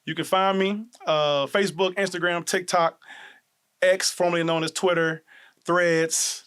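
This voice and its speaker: A man closing out his show in a relaxed, low-key way, with plenty of fillers. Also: measured pace, clean tone. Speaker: show host. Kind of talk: casual sign-off to viewers.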